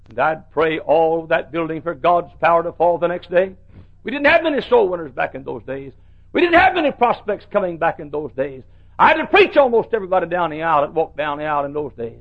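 Middle-aged man, pastor preaching from the pulpit, fairly high voice, dull old recording. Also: animated, brisk. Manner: preaching with big swings from soft to shouted. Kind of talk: sermon.

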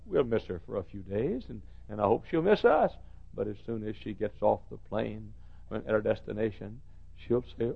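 A man preaches from the pulpit, his voice gravelly and rough at the edges. He tells stories softly, then rises into high, shouted cries. The recording is dull and muffled, like an old sermon tape. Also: animated, moderate pace. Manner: swings from soft storytelling to high shouted cries. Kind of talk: revival sermon.

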